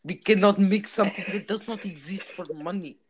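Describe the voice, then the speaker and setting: A man's voice: sits high, slow pace, fairly bright tone, voice pushed up. Brief: young man doing a stiff waiter, fake Russian accent, formal and stern.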